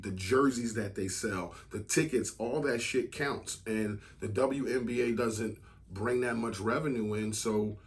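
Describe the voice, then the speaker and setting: A man co-hosting a podcast, talking bluntly in casual chat and swearing freely. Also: on the low side. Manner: blunt, swears freely, speaks in emphatic bursts. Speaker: podcast co-host.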